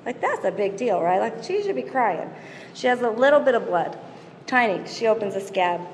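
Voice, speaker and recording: A woman's voice: fairly high pitch, sing-song, moderate pace, a little hiss or hum. A woman giving parenting advice to a live audience in a casual, chatty way, acting out scenes and quotes as she goes. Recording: echoey hall with long reverb.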